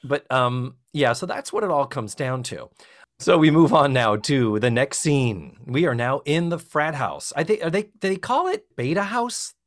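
A man's voice: fairly high pitch, lively intonation, moderate pace. A man in his fifties from Massachusetts, co-hosting a podcast in a casual, joking chat and working from his notes. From South Shore of Massachusetts. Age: 50s. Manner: chatty, joking, reading from notes. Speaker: podcast co-host.

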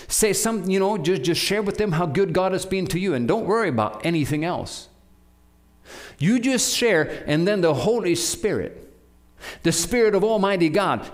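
Lively, urging male preacher. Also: on the high side. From Norway. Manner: animated, urging preaching with frequent restarts. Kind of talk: sermon.

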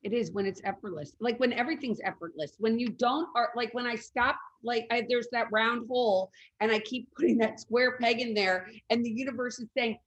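A woman hosting a casual conversation, animated and swearing freely. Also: on the high side, fairly quick, hardly any pauses, slightly rough, rough recording.

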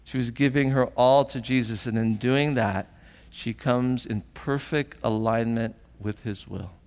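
A man's voice: mid-range voice, fairly even intonation, measured pace, darkish tone, clear, resonant tone, in a large hall. A man preaching a sermon as pastor, earnest and emotional, often asking the congregation questions, at times tearful.

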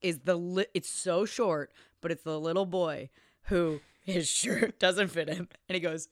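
A woman's voice: on the low side, unhurried, dry recording, studio quality. A woman co-hosting a casual movie review podcast. She laughs often and retells scenes in quoted voices. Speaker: podcast co-host.

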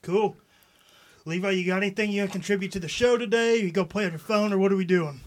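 Guy host joking around fast, high voice, quick banter. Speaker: podcast host. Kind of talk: casual chat.

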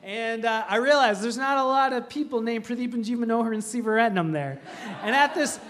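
A man's voice: extremely high pitch, brisk, a bit bright. A young man from Minnesota preaching a sermon, telling humorous stories and laughing through them. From Minnesota, USA. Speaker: pastor. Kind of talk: storytelling sermon.

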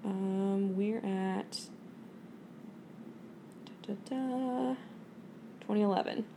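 A woman co-hosting a podcast in casual chat, easygoing and quick to laugh. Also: medium pitch, vocal fry, noisy background. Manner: easygoing, laughs often, reads from a list. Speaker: podcast co-host.

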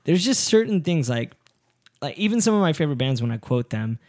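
A man's voice: fairly high pitch, brisk. A young man hosting a casual podcast chat, telling stories animatedly, swearing often and acting out quotes. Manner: animated storyteller, swears a lot, acts out quotes.

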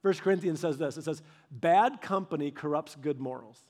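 High-voiced man preaching a casual sermon. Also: normal speed, darkish tone. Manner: conversational, anecdotal, speaks straight to the audience. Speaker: pastor.

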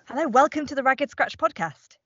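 A woman's voice: high-pitched, brisk, a bit bright, no echo, muffled recording. A woman hosting a podcast who introduces and interviews a guest with friendly, straightforward questions. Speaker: podcast host.

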